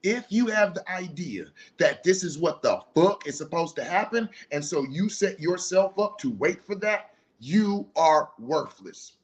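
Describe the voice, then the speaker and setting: A fairly high-voiced middle-aged man hosting a casual talk show, holding forth bluntly with lots of swearing. He lectures like a preacher and drops into stories from his own household. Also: animated, a little slow. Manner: blunt, profane, preachy, storytelling. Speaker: podcast host. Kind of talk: casual monologue, commentary.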